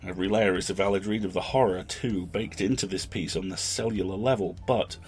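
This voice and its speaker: Deep voiced host guy mulling over a story, slow and thoughtful, faint music under him. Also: fairly even intonation. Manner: thoughtful, literary, deliberate. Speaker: podcast host. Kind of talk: reflective story commentary.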